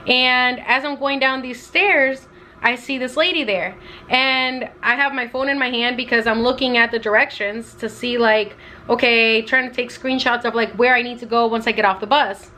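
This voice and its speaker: Young woman, travel vlogger, animated storyteller, bright and somewhat high voice, faint noise behind. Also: moderate pace. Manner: animated, acts out quotes with lots of "like". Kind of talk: casual storytelling to camera.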